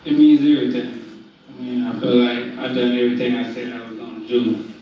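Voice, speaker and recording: A man's voice: medium pitch, flat delivery, a little fast, lo-fi sound. A man who is a boxer answering questions at a press conference, speaking in a determined, repetitive way. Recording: echoey hall from far off with faint noise.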